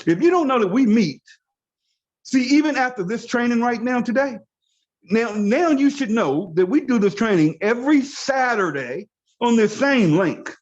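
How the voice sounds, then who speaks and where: A man's voice: extremely high pitch, lively intonation, normal speed. A man giving an emphatic, motivational training talk on a video call, repeating his key phrases to drive them home. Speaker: network marketing trainer. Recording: dull lo-fi call audio.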